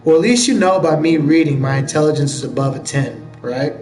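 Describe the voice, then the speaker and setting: An American man chatting casually with viewers during a live game stream, joking and answering their questions out loud. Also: fairly high pitch, brisk. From United States. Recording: roomy echo with faint background music.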